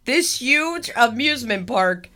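A woman co-hosting a casual chat, animated and laughing often as she teases her co-host. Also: on the high side, slow. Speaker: podcast co-host.

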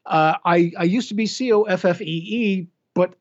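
Middle-aged male narrator, animated and self-deprecating, slightly high voice, muffled lo-fi audio. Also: normal speed. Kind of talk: casual interview chat. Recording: dull lo-fi sound.

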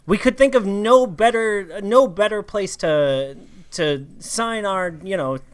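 A man playing a male adventurer who pitches himself to a king in a rambling salesman patter full of fillers. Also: slow, clean tone. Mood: eager.

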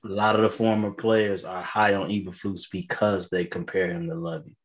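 Low-ish voice guy on a sports chat, short easygoing comments. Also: little pitch movement, fairly quick, dull audio, a crowd in the background. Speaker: sports talk co-host.

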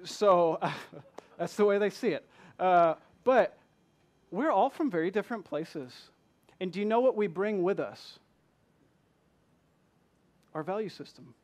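Speaking at a measured pace with long pauses, this pastor has a high-sitting, expressive voice and a darkish tone. Originally from Michigan but with a Southern accent, he preaches passionately in church and poses many rhetorical questions to the congregation.

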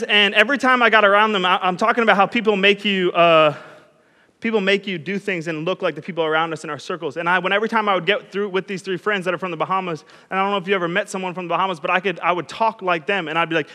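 A young youth pastor with a high, bright voice gives a chatty, self-deprecating sermon, weaving in stories as he goes. His words echo through a large hall.

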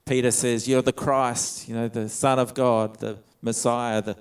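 A man's voice: medium pitch, level tone, measured pace, clear, resonant tone. A man preaching a conversational sermon, reading scripture aloud and retelling it in his own words. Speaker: pastor.

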